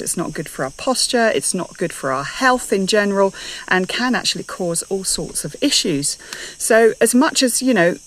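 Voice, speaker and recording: A woman's voice: fairly low pitch, rough recording. Chatty woman hosting a live stream. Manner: chatty, upbeat, asks viewers many questions. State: slightly out of breath. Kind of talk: casual live chat to viewers. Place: garden, outdoors.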